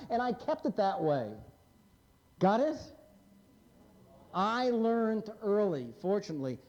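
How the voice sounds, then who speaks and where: A man's voice: extremely high pitch, darkish tone, lo-fi sound. A man in his fifties, a psychiatrist, giving a blunt, wry lecture to a live audience and prodding them with questions. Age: 50s.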